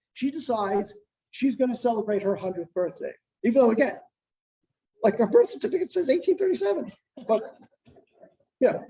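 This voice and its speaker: Older male lecturer, mellow tone, talking off the cuff with lots of "uh"s, a little far from the mic. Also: very high voice. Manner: lively storyteller, many fillers and restarts. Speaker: guest lecturer, historian and journalist. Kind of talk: informal history lecture. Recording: distant, muffled lo-fi sound.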